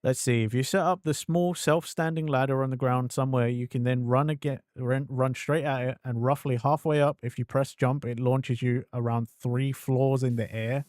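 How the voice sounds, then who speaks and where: Male game streamer, excitable chatter, dry close sound, mid-range voice. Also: mid-range voice, moderate pace, hardly any pauses, dry recording. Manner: excitable, swears, bursts into exclamations. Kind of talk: gameplay commentary.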